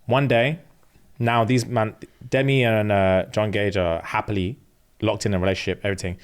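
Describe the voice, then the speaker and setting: A man's voice: fairly low pitch, steady tone, moderate pace, smooth. A man, a podcast host casually retelling a story in slang.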